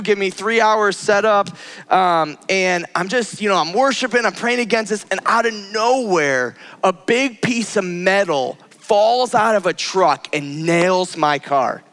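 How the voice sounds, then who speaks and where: A pastor delivers a sermon as a personal story, earnest and conversational, in a smooth, slightly bright voice at a measured pace. He acts out his own cries and the words of people he met, his pitch rising as he does.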